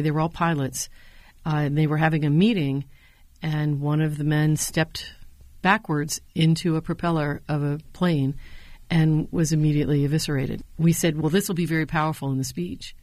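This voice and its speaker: A woman's voice: low voice, moderate pace, no echo. A middle-aged woman, a former speechwriter and lecturer, telling stories in an interview and acting out the quotes she recalls. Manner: animated storyteller, acts out quotes. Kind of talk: interview answers, storytelling.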